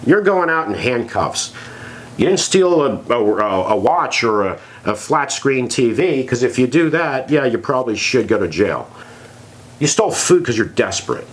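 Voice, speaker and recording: A man co-hosts a podcast, ranting sarcastically in casual chat. He's animated, with a mid-range voice and a slightly slow pace.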